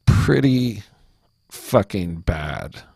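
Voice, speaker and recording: A man's voice: lowish voice, big pitch swings, drawn-out words, gravelly, warm tone, slightly rough, no room sound, clean studio sound. A man hosting a casual commentary video, talking bluntly and profanely with frequent restarts. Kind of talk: casual commentary over clips.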